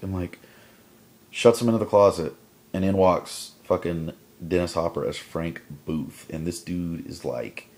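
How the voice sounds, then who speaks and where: A man's voice: deep voice, measured pace, darkish tone. A young adult man casually vlogging a film review at home at night, rambling with constant fillers. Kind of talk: casual chat. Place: home at night before bed.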